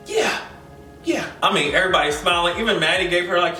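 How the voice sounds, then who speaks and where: A man with a high, bright voice recaps a show in a lively, expressive way, full of slang and cursing. He sounds somewhat distant from the mic in an echoey room. Faint music plays behind him. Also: a little fast. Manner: animated, expressive, heavy slang and profanity. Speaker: recap vlogger. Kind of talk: casual reaction recap.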